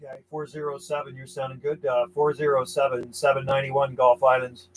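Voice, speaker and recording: A man's voice: medium pitch, flat delivery, brisk. Man calling on the radio through static. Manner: clipped call-sign calls, friendly sign-offs. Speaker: CB radio operator. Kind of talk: calling and answering distant radio contacts. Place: home radio station on an island off western Canada. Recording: loud radio static behind the voice.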